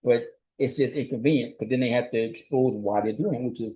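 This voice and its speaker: A man with a medium-pitched, mellow voice talks briskly over a rough recording. He's a host and journalist delivering a solo commentary recap, speaking conversationally and rhetorically, often tossing in "right?" and chuckling a lot.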